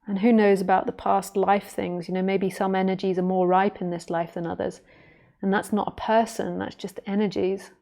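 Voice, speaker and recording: A woman spiritual teacher answering viewer questions on a livestream, talking in a gentle, meandering, relaxed way. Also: medium pitch, moderate pace, gravelly.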